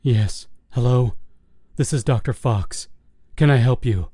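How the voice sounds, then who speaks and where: A man's voice: mid-range voice, measured pace, dark tone, slightly rough, no room sound, clean studio sound. A man voicing a desperate, guilt-ridden male scientist in an audiobook. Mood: guarded. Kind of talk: audiobook character voice.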